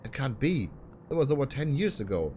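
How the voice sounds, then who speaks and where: A man's voice: medium pitch, big pitch swings, a little fast, dark tone, a little hiss or hum, voice pushed up, natural voice. A man reading a female detective's lines from a game in a plain voice. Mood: somber.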